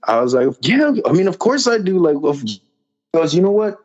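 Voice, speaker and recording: A man's voice: on the high side, animated, moderate pace, a little mellow. A man as a podcast guest, telling a personal story in a rambling way, repeating phrases and acting out the dialogue. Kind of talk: casual storytelling. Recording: slightly dull lo-fi audio.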